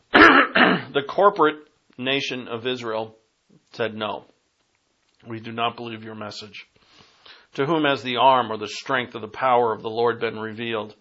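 A man's voice: mid-range voice, pushed and bright, highs cut off. Emphatic Boston-accented man teaching scripture. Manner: emphatic, digressive, rising to punch key phrases. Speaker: Bible teacher. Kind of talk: sermon.

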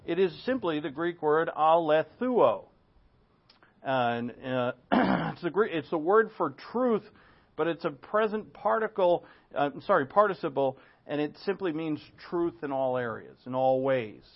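A man's voice: fairly high pitch, animated, measured pace. A male pastor preaching an expository sermon, full of asides and rhetorical questions. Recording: dull lo-fi sound.

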